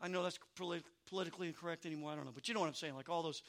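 A male pastor preaching a sermon, swinging from hushed, chatty asides to shouted passages and repeating "I'm telling you.". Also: fairly high pitch, steady tone, very fast, gravelly.

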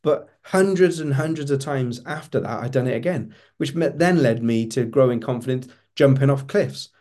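A man's voice: medium pitch, moderate pace, mellow. A middle-aged man, a coach giving an earnest motivational talk and repeating words for emphasis.

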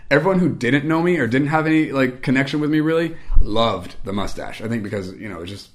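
A young adult man telling a casual, rambling anecdote, animated and self-mocking. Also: medium pitch, quick pace. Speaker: storyteller.

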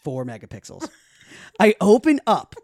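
Animated, foul-mouthed male podcast host. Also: sits high, a little slow, no room sound, studio quality. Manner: animated, profane, acts out scenes. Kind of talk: casual podcast storytelling. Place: podcast studio.

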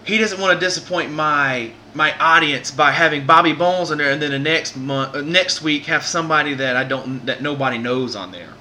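Podcast host, male, keen storyteller, rambling and earnest, very bright, somewhat high voice. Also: moderate pace, hardly any pauses, a little hiss or hum. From Southern United States. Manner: earnest, rambling, many restarts.

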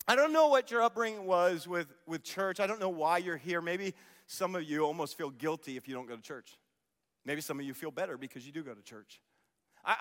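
Male pastor, middle-aged, high and bright voice, animated sermon storytelling, long hall reverb. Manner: animated storytelling, rhetorical questions to the congregation. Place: church sanctuary.

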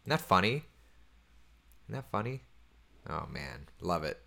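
A man's voice: deep voice, unhurried, vocal fry. A man in his thirties hosting a casual morning chat, reading viewer comments and talking about his week, who laughs easily and sometimes drops to a near-whisper. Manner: chatty and animated, laughs often, drops to a hushed near-whisper at times. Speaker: host.

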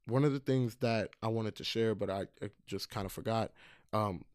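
A man's voice: fairly low pitch, normal speed, darkish tone, smooth, no room sound, studio quality. A man casually telling a heartfelt personal story, earnest, with frequent fillers and restarts. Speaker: storyteller recalling camp counseling.

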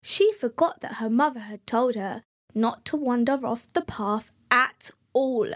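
A woman reading a children's fairy tale aloud as storyteller, gentle and clear. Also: fairly high pitch, a little slow.

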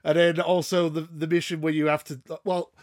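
A man's voice: a little high, flat delivery, fairly quick, no echo, studio quality. A man guesting on a podcast, ranting casually and swearing a lot. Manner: exasperated ranting, swears often, laughs. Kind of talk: casual chat.

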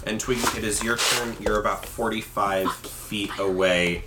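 A man running a tabletop game as game master, hesitant, with many ums and quick apologies. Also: fairly low pitch, fairly even intonation, noisy background.

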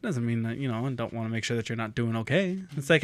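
A man's voice: mid-range voice, fast, few pauses, clean tone, no room sound. A young man hosting a podcast, chatting casually with friends, swearing and acting out quotes as he talks. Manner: swearing, loose, animated storytelling with mimicked quotes. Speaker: podcast host. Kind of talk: casual chat.

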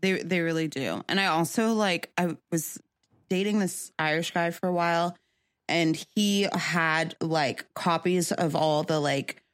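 A woman's voice: fairly low pitch, unhurried, no room sound, studio quality. A young woman co-hosting a podcast, chatting casually about shows with lots of fillers and restarts. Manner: rambling, many fillers and restarts. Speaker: podcast co-host. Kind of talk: casual chat.

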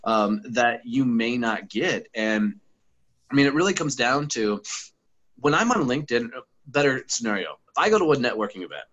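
A man's voice: medium pitch, animated, normal speed, a bit bright, muffled recording. A man, a podcast guest and former sales trainer talking bluntly and profanely in a casual interview, full of anecdotes.

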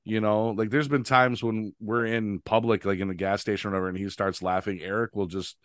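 A man hosts a podcast in easy, casual chat. He rambles through a funny road story, laughing as he goes and starting sentences over. His voice is smooth and resonant, and the recording is dry and close. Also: on the low side, little pitch movement, fairly quick, fairly bright tone, no room sound. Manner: rambling storyteller, laughs often, many restarts. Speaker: podcast host.

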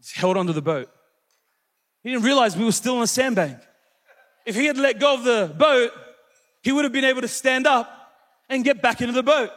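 High-voiced preacher in a reverberant church. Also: male voice, fairly quick, long pauses. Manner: energetic storyteller, calls out to the congregation. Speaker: pastor. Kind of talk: sermon with storytelling.

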